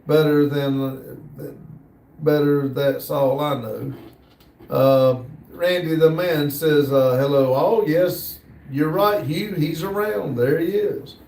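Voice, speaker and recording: An easygoing American man hosts a live stream and chats through viewer comments, pausing often as he goes. His voice sits a little high for a man and sounds set back from the mic. The room around him is hollow and echoey. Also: mellow, distant mic. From United States. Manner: easygoing, hesitant, frequent "uh" pauses. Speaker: livestream host. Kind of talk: casual live chat, reading viewer comments aloud. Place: workshop building near a shop area.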